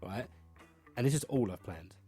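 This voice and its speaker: A man's voice: on the low side, animated, moderate pace, dark tone, husky, soft background music. A young man hosting a podcast, chatting in a rambling, jokey way and slipping into silly greeting voices. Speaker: podcast host. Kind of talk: casual chat.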